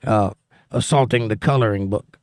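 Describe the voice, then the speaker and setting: A man's voice: on the low side, moderate pace, no echo, clean studio sound. A man hosting a political livestream from the United States, reading chat comments aloud and answering them in an argumentative, sarcastic way.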